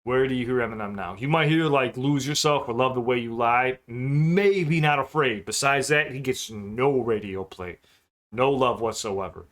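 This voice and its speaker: A man hosting a casual music reaction, breaking down lyrics with excited, profane commentary. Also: medium pitch, normal speed.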